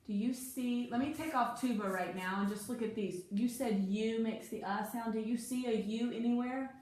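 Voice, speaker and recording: A woman's voice: on the high side, normal speed, a little mellow. A woman teaching a one-on-one phonics lesson, patient, stretching out key words for emphasis. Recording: very echoey room, faint noise.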